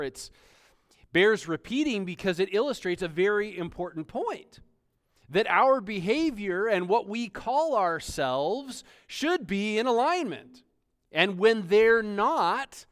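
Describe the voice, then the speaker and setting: Guy preaching a sermon, kinda high voice, really animated, slows way down to hit his points. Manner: storytelling, emphatic with slow stressed phrases. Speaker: pastor.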